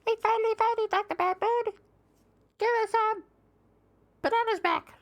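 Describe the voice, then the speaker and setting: Squeaky high monkey voices. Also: female voice, steady tone, normal speed. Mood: determined. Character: squeaky little monkey heroes, cheerful.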